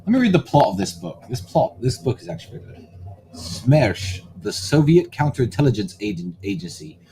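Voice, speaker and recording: A man hosting a vlog, telling stories in a wry, animated way. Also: medium pitch, a little hiss or hum, poor audio. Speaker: vlog host. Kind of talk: casual storytelling vlog.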